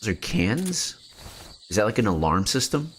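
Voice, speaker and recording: Playful low-voiced male gaming streamer. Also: very animated, normal speed, a bit bright, a little hiss or hum. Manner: playful, joking, chats to viewers. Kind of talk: casual gameplay commentary.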